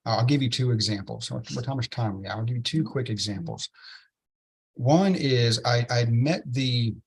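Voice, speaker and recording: A man, an interview guest telling a story with excitement and many "right?" tag questions. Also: medium pitch, normal speed, gravelly, husky. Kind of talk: enthusiastic storytelling in a podcast interview.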